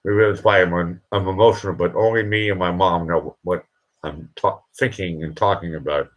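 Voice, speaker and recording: A man hosting a late-night live stream, emotional and teary, talking in halting, rambling bursts. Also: low voice, fairly even intonation. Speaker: livestream host.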